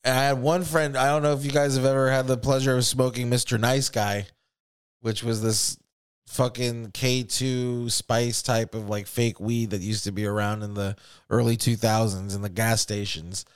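A man in his thirties with an American accent spins a rambling, profane story for his podcast co-hosts. His voice is smooth and clear at an ordinary pitch. He slips into quick impressions of the people he talks about. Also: flat delivery. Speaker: podcast co-host. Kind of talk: casual storytelling chat.

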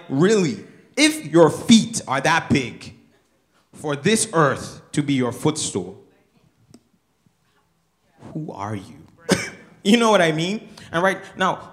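A man co-hosting a casual Bible study discussion, animated and full of rhetorical questions. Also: mid-range voice. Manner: animated, asks rhetorical questions, laughs often. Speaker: co-host of a church discussion show.

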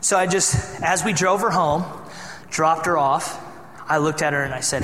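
A young male pastor from Michigan preaches in a loose, chatty storytelling way, teasing his listeners as he goes. His voice sits fairly high for a man. It rings through a large church hall with a long, roomy echo. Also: moderate pace, a bit bright, soft background music. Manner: conversational storytelling, teasing the congregation. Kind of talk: sermon. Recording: echoey hall sound.

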